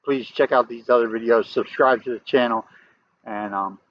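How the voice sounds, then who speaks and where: A man's voice: mid-range voice, fairly even intonation, normal speed, slight background noise. Rambling Southern man, lo-fi audio. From American South. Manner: rambling with restarts, gets loud and emphatic. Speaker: vlogger. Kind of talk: casual storytelling to camera. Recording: dull lo-fi audio.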